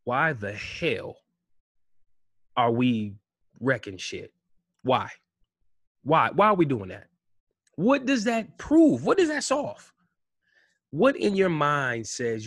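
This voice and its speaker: A man speaking at a middle pitch, ranting to camera with mounting frustration. He fires off rhetorical questions, jumps to loud outbursts, then drops to low mutters. The sound is close and dry, with no room around it. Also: no room sound. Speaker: vlogger. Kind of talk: impassioned commentary rant.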